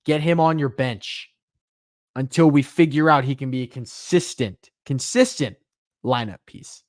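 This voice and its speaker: Animated young man hosting a podcast. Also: medium pitch, unhurried, no room sound, clean studio sound. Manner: animated, emphatic questions, self-correcting asides. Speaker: podcast host. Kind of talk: solo sports podcast talk.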